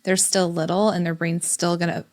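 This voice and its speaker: Low-voiced woman co-hosting a parenting podcast. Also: level tone, moderate pace, a little mellow. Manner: reflective storytelling, quotes family dialogue. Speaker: podcast co-host. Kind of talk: casual parenting podcast chat.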